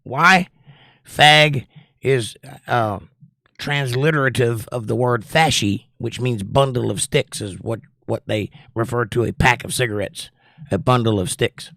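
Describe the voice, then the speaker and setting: A man hosting a casual livestream speaks at a measured pace in a mid-range voice with vocal fry and a sharp tone. The studio-quality recording is dry. He's chatty and rambling, reading the chat aloud.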